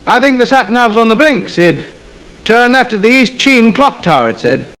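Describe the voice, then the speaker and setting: A man voicing a pompous, self-pitying suburban gent who is quick to get indignant, in an AI-voiced comedy sketch. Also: extremely high pitch, sing-song, fairly bright tone, exaggerated voice, low-quality recording.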